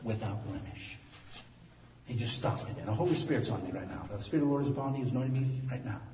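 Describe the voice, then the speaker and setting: A pastor in his sixties preaching an animated sermon that swings from quiet talk to loud preaching, recorded in a church. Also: mid-range voice, rapid-fire. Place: church sanctuary. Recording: echoey hall from far off.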